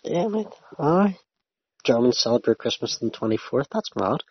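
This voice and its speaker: A young man chatting casually as a podcast co-host, swearing freely and rambling in an animated way. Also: medium pitch, normal speed, husky. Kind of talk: casual chat. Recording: dull lo-fi sound.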